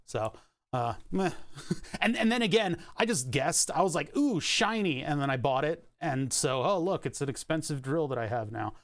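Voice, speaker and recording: A man's voice: medium pitch, normal speed. A man livestreaming a printer repair, chatting casually and jokingly with sarcastic asides while he works. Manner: joking, sarcastic, chuckles often. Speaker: streamer doing printer repairs. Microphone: headset or desk mic.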